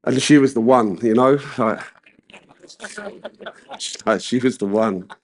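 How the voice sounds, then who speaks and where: A man's voice: mid-range voice, slow. Chatty British man telling his story. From United Kingdom. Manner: chatty storytelling with casual slang and asides. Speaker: main speaker at a recovery convention. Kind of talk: personal recovery share.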